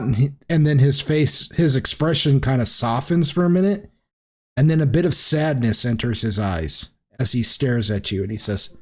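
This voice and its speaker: A man acting as game master, narrating a tabletop game in a casual, rambling way. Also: mid-range voice. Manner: casual, rambling with many fillers.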